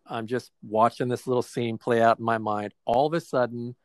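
A man's voice: mid-range voice, steady tone, moderate pace, dry recording. A man in his forties from New Jersey, casually and reflectively retelling a personal therapy experience with quoted dialogue. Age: 40s.

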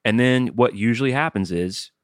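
A man's voice: mid-range voice, normal speed, no room sound, studio quality. A man co-hosting a podcast, talking candidly and reflectively, playing along with his partner's jokes. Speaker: podcast co-host. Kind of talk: casual chat.

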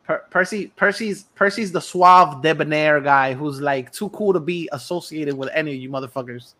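A man talks in a loose, animated way, cursing freely and laughing often. His voice sits high and sounds bright and forceful. It is casual chat among friends. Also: normal speed.

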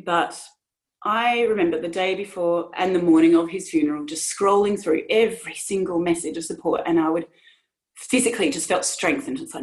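A woman in her thirties, a podcast guest, speaks fairly quickly in a lowish voice. In this personal conversation she talks earnestly and emotionally about her own experiences, restarting often.

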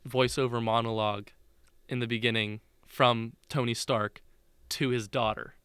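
Young guy in casual chat, rambling storyteller, bright tone, dry sound. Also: mid-range voice, little pitch movement, moderate pace, smooth, dry recording. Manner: rambling, filler-heavy retelling with restarts.

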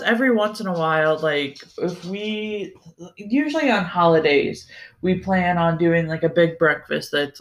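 A young adult man hosting a podcast on his own, talking in a loose, rambling way with lots of "like" and casual swearing. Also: on the high side. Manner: rambling and loose, swears freely, many fillers like "like". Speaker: podcast host. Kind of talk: casual solo podcast chat.

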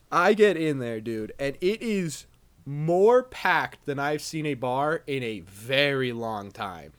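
A man's voice: mid-range voice, animated, slow, long pauses, fairly bright tone, clean tone. A young man hosting a podcast, telling a rambling, profane drinking story in casual chat. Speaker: podcast host.

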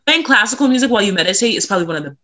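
A woman's voice: mid-range voice, animated, racing, pushed and bright, poor audio. A woman co-hosting a podcast over a video call, rambling and giggly, correcting herself as she goes. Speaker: podcast co-host. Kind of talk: casual podcast chat.

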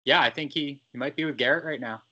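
A man in his thirties, guest co-host of a podcast, talking casually with a dry, deadpan humor. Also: medium pitch, fast talker, lo-fi sound.

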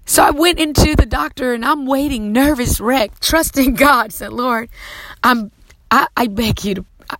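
A woman's voice: sits high, moderate pace, fairly bright tone, a little hiss or hum, low-quality recording. A middle-aged woman preacher giving an emotional, fervent testimony sermon, holding back tears at times.

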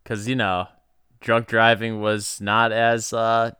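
A man's voice: on the low side, flat delivery, slow pace, bright, forceful tone, smooth, dry recording, clean studio sound. A man in casual comedic chat, rambling loosely and laughing often.

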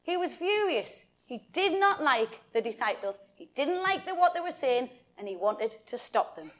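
A woman telling a Bible story to children and adults in an animated way, often addressing her listeners directly. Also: high voice, moderate pace.

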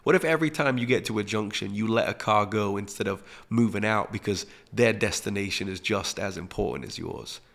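A man hosting a podcast, giving a reflective spiritual teaching talk that drops to hushed emphasis. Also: fairly low pitch, fairly quick, vocal fry, few pauses. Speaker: podcast host.

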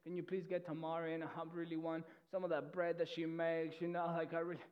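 Brief: a man playing a scheming young man, low and hushed, coaxing, dull lo-fi sound. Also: level tone, fairly quick, close to an everyday voice. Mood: wheedling.

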